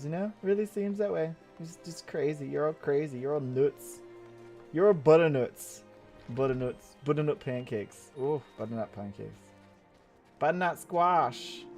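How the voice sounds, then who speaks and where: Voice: medium pitch, expressive, a little fast, soft background music. A gamer giving playful, rambling commentary on an online role-playing game, joking and laughing along. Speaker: game streamer. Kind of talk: let's play commentary.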